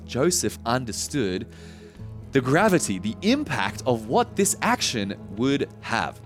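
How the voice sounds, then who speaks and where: A male pastor preaches with an animated voice that moves up and down a lot. He tells a story in a lively way, with laughs and quick asides. Faint music plays underneath. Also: mid-range voice. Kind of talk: sermon.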